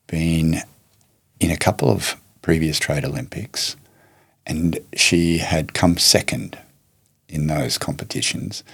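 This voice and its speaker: A man being interviewed as a guest, answering in a measured, reflective way and telling stories in which he acts out what other people said. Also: extremely low pitch, creaky, breathy edge. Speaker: guest, martial arts teacher and charity head.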